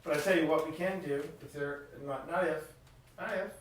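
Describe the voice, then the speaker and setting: A man's voice: fairly high pitch, steady tone, normal speed. A man on a live ghost hunt speaks to unseen spirits in a coaxing, friendly way. His voice comes from a distance in a very echoey room, with a faint hiss underneath. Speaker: ghost hunting host. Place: old inn, indoors.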